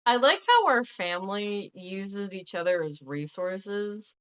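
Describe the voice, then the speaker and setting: A woman co-hosting a casual family chat, telling stories in a relaxed way and laughing easily. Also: medium pitch, clear, resonant tone. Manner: relaxed storytelling, quick to laugh. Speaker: podcast co-host. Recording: dull lo-fi audio.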